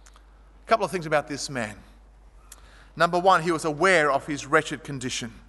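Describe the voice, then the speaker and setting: A man preaching a sermon, telling stories vividly and swinging between loud, animated passages and quiet, low ones. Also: normal speed, in a large hall. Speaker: pastor.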